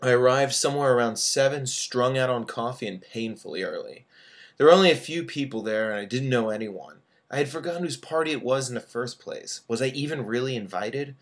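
A man's voice: medium pitch, animated, brisk. A man in his thirties, an author reading his own fiction aloud and breaking off for casual asides with fillers. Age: 30s.

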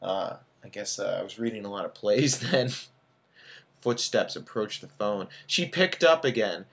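A man's voice: fairly low pitch, expressive, measured pace, vocal fry. Man in his thirties reading his fiction. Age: 30s. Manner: casual asides with fillers between reading. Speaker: author.

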